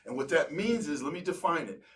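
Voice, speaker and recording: A man hosting a podcast as a psychologist, telling stories in an animated way and slowing to stress points. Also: a little high, distant mic, slight background noise, poor audio. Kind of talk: casual interview chat.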